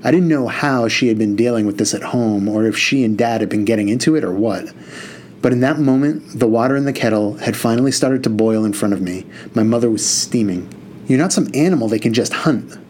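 A man's voice: lowish voice, a little fast, darkish tone, slight background noise. A man narrating a first-person novel in an earnest, conversational way. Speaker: audiobook narrator.

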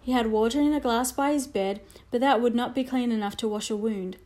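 A woman narrates a children's storybook in a measured, expressive way. Her voice sits a little high and sounds soft and mellow.

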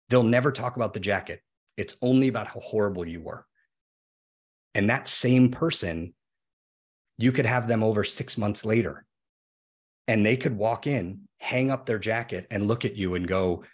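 A man's voice: fairly low pitch, moderate pace, pauses often. A man in a casual podcast conversation, explaining at length with everyday examples.

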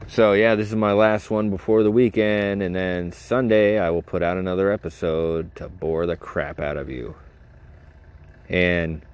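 Hosting his podcast alone, this man speaks a little slowly in a low, darkish voice with a steady tone and clean sound. His monologue is casual and rambling, full of self-deprecating jokes.

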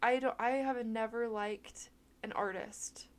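Young woman podcast cohost, kinda high voice, giggly and chatty. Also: fairly even intonation, measured pace. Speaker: podcast co-host. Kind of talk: casual chat.

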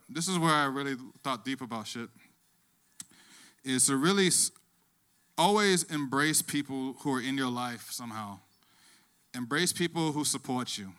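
A man in a mid-pitched voice spins a personal story in a loose, casual way. He swears freely and keeps jumping into the voices of the people he describes. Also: clean tone. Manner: profane, animated, acts out the other voices.

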